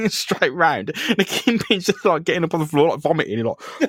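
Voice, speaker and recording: A man's voice: fairly high pitch, very animated, normal speed, a bit bright, slightly rough, no echo, clean studio sound. A young man hosting a podcast, retelling a comic in casual chat, laughing often and acting out the characters. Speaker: podcast co-host.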